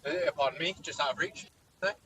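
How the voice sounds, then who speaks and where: A man's voice: fairly high pitch, quick pace, very noisy. A man playing a tabletop game, asking questions in a wry, casual way. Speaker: player.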